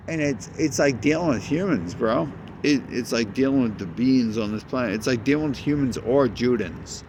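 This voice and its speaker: A man's voice: medium pitch, normal speed, hardly any pauses, noisy background. A man in a rambling, agitated monologue, cursing often and jumping between ideas.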